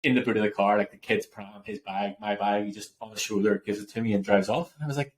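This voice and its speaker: A man co-hosting a podcast, talking quickly in a lower register. He tells stories in an animated, laughing way, with the odd casual swear. It is a relaxed chat between two friends. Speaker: podcast co-host.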